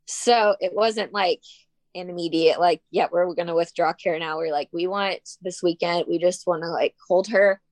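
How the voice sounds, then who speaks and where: A young woman talks through tears, gently and haltingly, filling her sentences with "like." Her voice sits a little low and is recorded close and dry, with no room sound. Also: fairly even intonation, no echo. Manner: soft-spoken, tearful, frequent "like" fillers. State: tearful. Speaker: guest. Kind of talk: emotional personal conversation.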